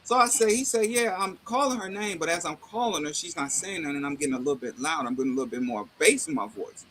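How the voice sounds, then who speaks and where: Animated high-voiced man telling stories. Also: quick pace, slight background noise. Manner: animated storyteller, acts out dialogue, laughs, salty slang. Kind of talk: casual chat.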